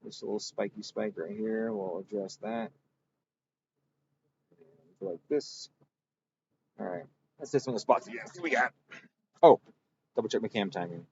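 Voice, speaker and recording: Here the tuner's voice sits on the low side and sounds slightly mellow; he speaks at a normal rate but pauses a lot while rambling and revising what he says. His casual livestream commentary on the engine work carries muffled highs and a touch of hiss or hum.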